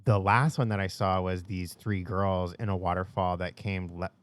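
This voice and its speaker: A man's voice: deep voice, fairly even intonation, normal speed. A young man co-hosting a casual podcast, telling stories in a rambling way with lots of fillers. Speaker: podcast co-host.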